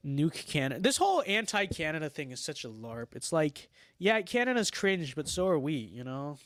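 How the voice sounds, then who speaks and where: A man's voice: a little high, sing-song, moderate pace, fairly bright tone, no echo. A young man from Los Angeles hosting a casual livestream, reading chat messages aloud and answering them in a wry, sarcastic, mock-boastful way. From Los Angeles, United States.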